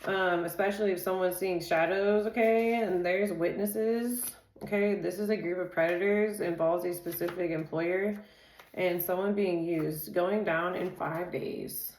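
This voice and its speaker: A woman doing a relaxed tarot reading, her voice sitting a little low. She reels off card keywords in quick lists and drifts into laughing, chatty asides. The sound bounces around an echoey room. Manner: laughs easily and chats off-topic. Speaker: tarot reader.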